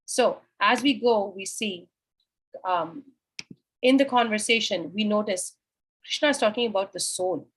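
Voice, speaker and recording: Woman, scripture class teacher, husky breathy voice, explains verse by verse, asks herself questions. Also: mid-range voice, measured pace, low-quality recording. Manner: asks and answers her own questions. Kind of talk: explaining a sacred text verse by verse.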